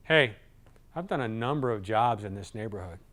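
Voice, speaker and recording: A man giving a live sales training talk in a lively, conversational way, acting out what customers say. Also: lowish voice, normal speed. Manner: lively, acts out customer voices.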